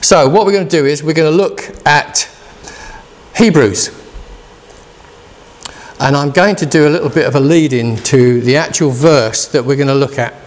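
A man's voice: on the high side, normal speed, a little hiss or hum. A man in his sixties preaching a casual, chatty sermon and asking his listeners questions. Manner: chatty, asks the congregation questions.

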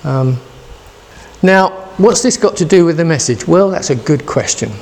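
A man's voice: on the high side, lively intonation, moderate pace, a little mellow. A man in his sixties preaching a casual, chatty sermon and asking his listeners questions. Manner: chatty, asks the congregation questions.

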